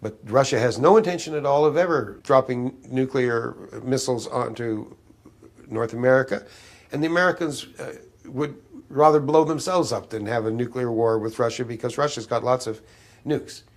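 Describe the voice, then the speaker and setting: A man of seventy, an interview guest, recalling old secrets in a rambling way, with frequent restarts and fillers. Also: medium pitch. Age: 70s. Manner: halting, many restarts and fillers, conspiratorial tone.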